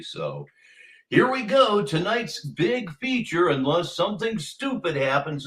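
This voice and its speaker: Wry older man, lively roomy voice. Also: a little high. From Ohio, USA. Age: 60s. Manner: wry, sardonic, chatty. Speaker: commentary stream host. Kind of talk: casual livestream commentary. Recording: roomy echo.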